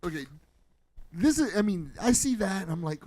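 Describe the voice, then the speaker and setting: An American man co-hosting a podcast, mocking and animated in casual comedic banter. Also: high voice, normal speed, no echo. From United States. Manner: animated, mocking, loud bursts. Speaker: podcast co-host.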